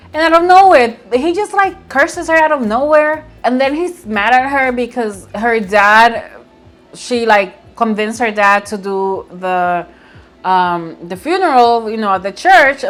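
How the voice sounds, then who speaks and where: Chatty woman recapping a movie. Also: mid-range voice. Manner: chatty and expressive, laughing while retelling scenes. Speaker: movie reviewer. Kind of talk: casual movie recap vlog. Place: at home by a window.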